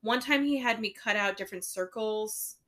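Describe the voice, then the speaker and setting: A lively woman in her thirties co-hosts a podcast, laughing as she tells family stories in casual chat. Her voice is mid-range and her pace moderate.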